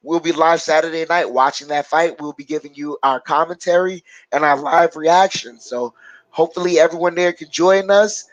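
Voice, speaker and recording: A man co-hosting a loose live-stream sports talk, his voice sitting on the higher side. He rambles and hesitates, filling gaps as he thinks. The sound is dry and close, with no room echo. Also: steady tone, highs cut off. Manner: rambling, halting with many fillers. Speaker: co-host.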